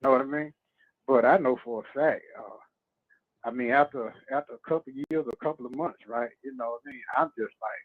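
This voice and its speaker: A male guest talking in an animated, streetwise way over a phone line, often asking "you know what I mean". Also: mid-range voice, fairly quick. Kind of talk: casual radio talk.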